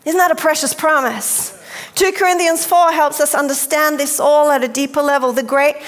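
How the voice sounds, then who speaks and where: A woman preaching a sermon, emphatic and deliberate, speaking directly to her listeners. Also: high-pitched, steady tone. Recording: long hall reverb.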